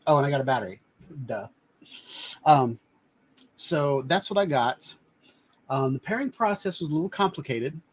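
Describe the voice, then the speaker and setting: This drone-reviewing live-stream host has a slightly high voice with lively intonation, speaking at normal speed with long pauses. He's in a home studio, rambling casually while showing items to the camera.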